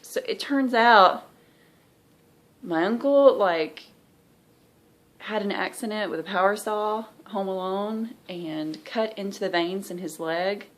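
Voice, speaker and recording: A woman with a mid-range voice talks slowly in a casual stitching vlog. In her thirties and Southern-accented, she rambles candidly and sounds tired as she chats about cross-stitch.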